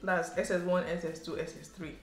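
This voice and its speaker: A woman from Nigeria with a Nigerian English accent, telling a story to camera in a chatty, animated way and sprinkling in local slang. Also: on the low side, a little fast. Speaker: vlogger. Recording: roomy echo, faint background music.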